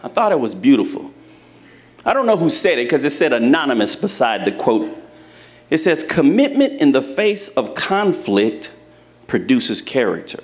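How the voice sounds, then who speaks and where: A man's voice: medium pitch, sing-song, moderate pace. A man preaching a sermon to a live congregation in church, speaking to them directly and telling folksy, humorous stories. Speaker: pastor.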